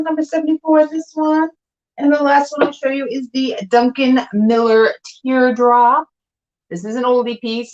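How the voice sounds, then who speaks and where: A woman co-hosting a glass sale chats casually and enthusiastically as she presents items, laughing often. She's not from the South, and her slightly high voice has its highs cut off.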